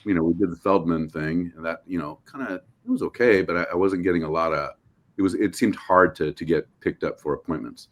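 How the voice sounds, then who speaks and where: Middle-aged american guy with a super deep voice, chatty guest telling stories, keeps restarting sentences. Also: brisk. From United States. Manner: animated storyteller, acts out quotes, many restarts. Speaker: actor guest. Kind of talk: casual interview storytelling.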